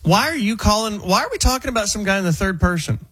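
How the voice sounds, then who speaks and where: Husky joking radio host. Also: male voice, high voice, animated, quick pace, fairly bright tone, no room sound. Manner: blunt, joking, haggling. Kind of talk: casual call-in banter.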